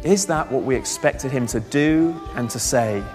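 A man preaching a sermon, telling a Bible story with lively asides and questions to the congregation. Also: medium pitch, normal speed, faint music behind. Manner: animated storytelling, reads scripture aloud, asks the congregation questions. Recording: long reverb of a large hall.

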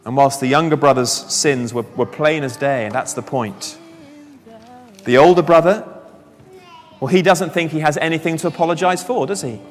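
A man preaching a sermon, telling a Bible story with lively asides and questions to the congregation. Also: a little high, moderate pace, soft background music. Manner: animated storytelling, reads scripture aloud, asks the congregation questions. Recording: long reverb of a large hall.

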